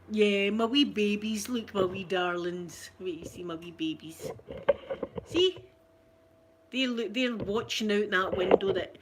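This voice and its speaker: A Scottish woman talking to her viewers in a loose, rambling livestream chat. Her voice sits at a middling pitch, and she teases herself as she goes. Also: a bit bright, a little hiss or hum. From Scotland. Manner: rambling, chatty and self-teasing. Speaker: ASMR streamer chatting with viewers.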